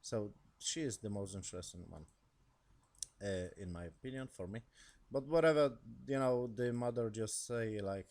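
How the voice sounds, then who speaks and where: A man's voice: on the low side, moderate pace, a little mellow. A young man giving a casual, rambling episode review in non-native English, swearing often and laughing between remarks. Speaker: show reviewer.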